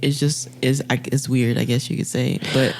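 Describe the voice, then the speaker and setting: A woman's voice: extremely low pitch, level tone, gravelly, a little mellow, a little hiss or hum. A woman guest on a podcast, chatting casually in loose slang and often restarting her sentences. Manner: halting, restarts often, laid-back slang. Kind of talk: casual chat.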